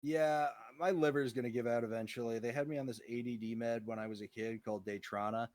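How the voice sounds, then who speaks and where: A man's voice: medium pitch, steady tone, quick pace, darkish tone, no echo. A young man co-hosting a casual chat, telling rambling, profane stories with a lot of animation. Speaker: co-host.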